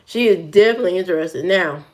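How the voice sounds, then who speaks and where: A woman's voice: fairly low pitch, fast, darkish tone. A woman hosting a live stream, chatting casually in a teasing way with lots of fillers and repeated phrases.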